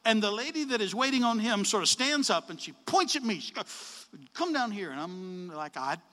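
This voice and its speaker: A man telling a story in a sermon, animated, acting out the dialogue with changes of voice. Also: high voice, normal speed, big-room sound. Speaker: preacher.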